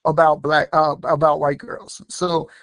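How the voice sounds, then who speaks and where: A man guest telling an animated, laughing story in a casual interview. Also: on the high side, measured pace, no room sound, studio quality. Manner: animated, laughing, full of restarts and quoted voices. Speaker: rapper guest.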